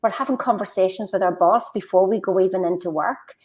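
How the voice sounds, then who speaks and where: A woman's voice: mid-range voice, a little fast, darkish tone. A woman, co-hosting a motivational talk show, chatty and full of restarts as she tells stories. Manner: chatty, storytelling, frequent restarts. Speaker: co-host. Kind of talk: casual motivational chat.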